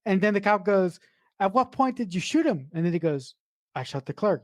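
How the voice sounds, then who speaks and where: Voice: medium pitch, sing-song, brisk, no echo, studio quality. A podcast co-host enthusiastically retelling film scenes, with casual swearing. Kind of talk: casual movie review chat.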